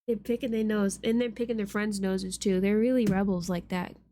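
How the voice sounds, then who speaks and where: A woman's voice: medium pitch, fairly even intonation, brisk, mellow, a little hiss or hum. A woman streamer chatting playfully with her viewers while she draws, swearing casually.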